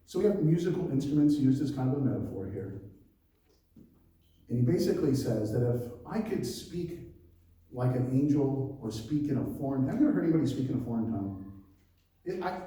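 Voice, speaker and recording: In a church hall, a pastor preaches a conversational sermon, mixing scripture reading with laughter and personal asides. His voice is fairly high but dark in tone, captured from a distant mic in a very echoey room.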